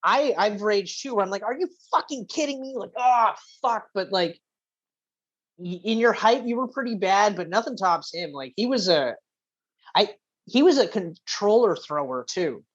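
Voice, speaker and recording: A woman co-hosting a podcast, chatting casually about video games, telling animated stories and swearing freely. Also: medium pitch, moderate pace. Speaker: podcast co-host. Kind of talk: casual gaming chat. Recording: muffled lo-fi audio.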